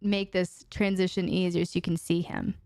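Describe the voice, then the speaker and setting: A woman's voice: on the low side, little pitch movement, normal speed, dark tone, no room sound, clean studio sound. A woman hosting a live question-and-answer stream from home, talking frankly and casually into a desk microphone. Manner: chatty, frank, talks to her dog in baby talk.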